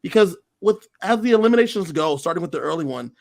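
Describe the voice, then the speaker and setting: High-voiced man, lively podcast recap. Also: fast, gravelly. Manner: animated storyteller, acts out quotes. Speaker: podcast co-host. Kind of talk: casual chat recapping a reality show.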